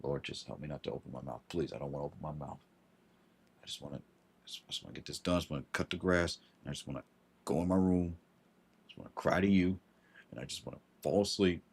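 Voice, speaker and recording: A man telling a personal story on a livestream, halting and repeating himself, with frustration in his voice. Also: extremely low pitch, creaky, darkish tone, husky. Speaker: vlogger.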